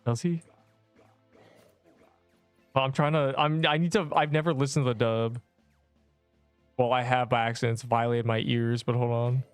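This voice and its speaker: A hoarse young man casually chatting and joking while live-streaming a game. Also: mid-range voice, fairly even intonation, no room sound, soft background music. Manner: joking, chatty, quick to laugh.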